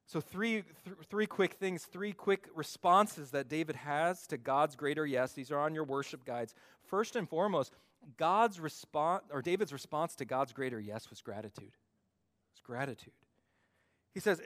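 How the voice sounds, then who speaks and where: A man preaching a sermon to his church, acting out the voices he quotes with big swings in pitch and loudness. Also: normal speed. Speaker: pastor.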